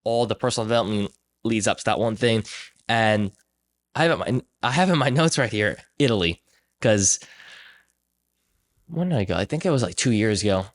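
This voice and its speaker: Young man telling a story animatedly. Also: on the low side. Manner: animated storyteller, acts out quoted voices. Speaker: podcast host. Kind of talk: casual conversational storytelling.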